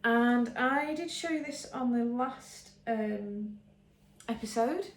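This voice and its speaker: A woman's voice: a little high, slow. An English woman hosting a podcast, chatting casually and enthusiastically with many ums and restarts. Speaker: podcast host showing knitting. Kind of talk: casual show-and-tell chat. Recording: roomy echo.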